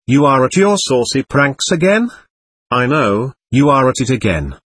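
A man's voice: medium pitch, big pitch swings, measured pace, fairly bright tone, slightly rough, no echo, exaggerated voice. A man voicing an angry, loutish young clerk who keeps repeating himself. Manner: blustering and repetitive.

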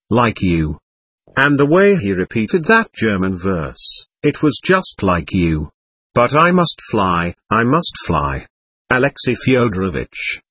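A man reading the lines of a fussy, excitable middle-aged lady who gushes in breathless exclamations. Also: medium pitch, slightly rough, no room sound, heavily acted.

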